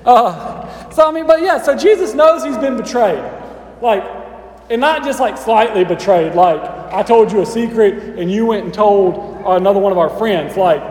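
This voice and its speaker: Man, pastor, conversational sermon, very high pitch, long reverb. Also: expressive, normal speed, a little mellow. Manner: casual, conversational, playful asides.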